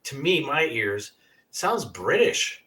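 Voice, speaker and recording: Bright-voiced male podcast host. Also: mid-range voice, very animated, slow pace. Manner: chatty, enthusiastic, leads segments. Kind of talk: casual interview chat.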